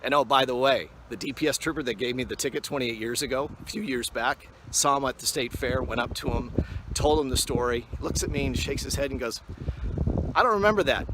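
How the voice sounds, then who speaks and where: A man in his fifties, a TV weather forecaster, giving a relaxed acceptance speech full of anecdotes, recorded on a phone on a selfie stick outdoors on a mountain. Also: mid-range voice, fairly quick, noisy background. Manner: relaxed storyteller with frequent "uh". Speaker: award honoree, TV weather forecaster.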